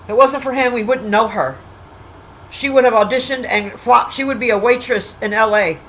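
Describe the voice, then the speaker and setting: Her voice sits fairly high and a bit bright here, with some hiss or hum on the rough recording. Cursing freely, she bluntly trashes a movie on her casual stream, teases the quiet chat, and rambles with false starts and extended asides.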